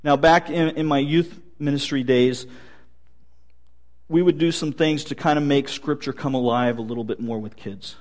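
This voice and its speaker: Male pastor, fairly high voice, storytelling sermon with light jokes. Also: moderate pace, a little mellow.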